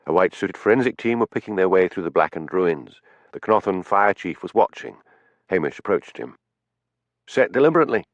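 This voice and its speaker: A man narrating a cozy mystery audiobook with expressive storytelling. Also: sits low, a little fast, no room sound. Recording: dull, muffled studio audio.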